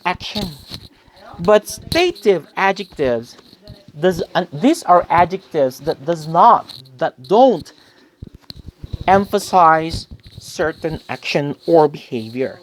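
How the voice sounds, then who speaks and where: Female English teacher, young adult, unhurried delivery with a lively rise and fall, keeps quizzing the class. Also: on the low side, slight background noise. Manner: explains with quiz-like questions and addresses listeners as guys. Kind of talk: recorded grammar lesson.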